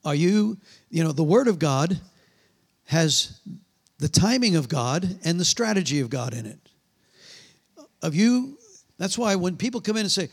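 A middle-aged man preaching, telling animated stories and acting out the voices, often trailing off mid-sentence. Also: sits high, moderate pace, husky. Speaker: pastor. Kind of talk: sermon with storytelling and prayer.

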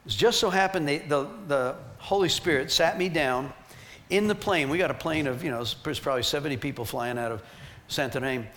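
A man leading a ministry team training, telling emphatic, animated stories to teach the group. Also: on the high side, a little fast, slight background noise. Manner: animated, emphatic storytelling with laughs.

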